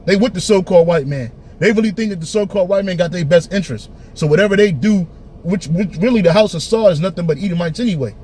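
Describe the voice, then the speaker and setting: A man teaching and preaching in a forceful, emphatic way, often tagging his lines with "man" and restarting phrases. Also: high-pitched, fast talker, husky. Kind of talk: preaching street-style commentary.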